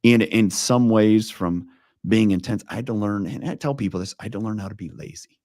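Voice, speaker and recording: A man's voice: on the low side, a little fast, a little mellow, no echo, studio quality. A man in his forties, a leadership coach, talking earnestly and intensely in a casual interview, telling stories with frequent restarts.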